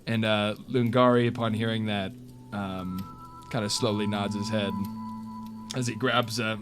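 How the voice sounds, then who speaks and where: A man's voice: on the low side, steady tone, a little slow, fairly bright tone, faint music behind. Man narrating a tabletop game. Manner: hesitant, many fillers. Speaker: game master.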